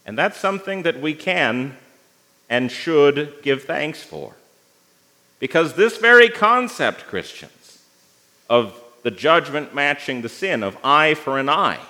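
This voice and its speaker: A man preaching a sermon, slow and dramatic, with phrase endings that fall away to a near whisper. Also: on the high side, a bit bright. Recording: long reverb of a hall.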